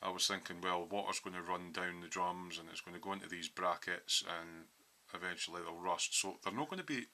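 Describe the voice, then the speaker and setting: A man's voice: sits low, brisk, few pauses, sharp tone. A man in a home hobby workshop, casually walking through his model build with lots of ums as he explains his thinking.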